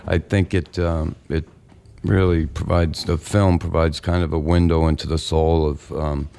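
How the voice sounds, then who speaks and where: A middle-aged man with a Boston accent, a guest on a radio show, speaking haltingly and reflectively with many fillers. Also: very deep voice, flat delivery, creaky, mellow. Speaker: guest, former hockey enforcer. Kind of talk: radio interview.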